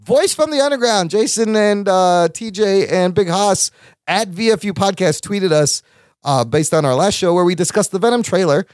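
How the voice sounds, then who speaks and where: Male podcast host, high and dry-voiced, excitable and chatty. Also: moderate pace, no room sound. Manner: excitable, laughs often, reads listener mail aloud. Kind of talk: casual podcast chat.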